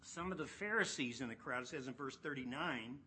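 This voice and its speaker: A man preaching an expository sermon, animated, acting out voices and swinging from loud to hushed. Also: medium pitch, a little fast, a little hiss or hum.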